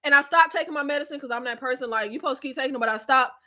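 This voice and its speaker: A woman hosting a casual live-stream recap chat, animated and slangy, laughing often, with a stuffy nose and scratchy throat. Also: sits high, rapid-fire.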